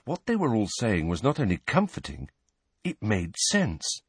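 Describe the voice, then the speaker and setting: A man narrating an audiobook with an expressive, storytelling delivery. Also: on the low side, unhurried, breathy edge, no room sound. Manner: expressive, lively reading. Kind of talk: scripted narration.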